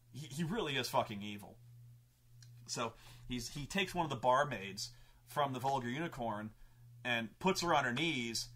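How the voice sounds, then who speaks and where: A man hosting a show, animated and profane, telling a story about running a tabletop game and laughing often. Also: mid-range voice. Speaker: show host recounting his game mastering. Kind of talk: casual storytelling.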